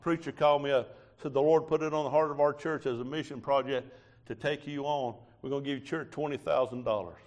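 A preacher, telling a sermon testimony in a folksy storytelling way with quoted dialogue. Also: male voice, medium pitch, steady tone, a little fast, darkish tone.

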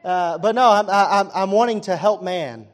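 Tinged preacher man, fairly high voice. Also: moderate pace. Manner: conversational preaching, frequent fillers, rises to loud emphatic peaks. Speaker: pastor. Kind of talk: sermon.

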